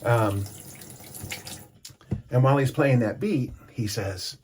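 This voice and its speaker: A vlogger shaves while telling a meandering story, interrupting himself to chat along the way. He speaks slowly with long pauses in a mid-range, slightly mellow voice, and a faint hiss or hum is audible.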